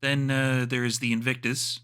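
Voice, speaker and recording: Man, game master, bright tone, offhand, lots of uh fillers. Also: medium pitch, little pitch movement, normal speed, smooth. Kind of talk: narrating and voicing a tabletop game.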